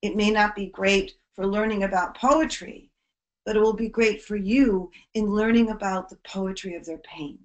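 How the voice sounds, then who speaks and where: A woman giving an earnest educational presentation to teachers on bullying prevention, her voice dropping soft at serious points. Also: medium pitch, steady tone, moderate pace.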